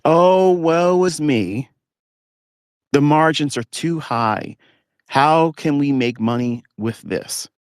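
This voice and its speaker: A man's voice: a little high, takes it slowly, clean tone, no echo, studio quality, pitched above the performer's own voice. A man mocking a whiny young trader. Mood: whining. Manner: mocking whine, drawn out.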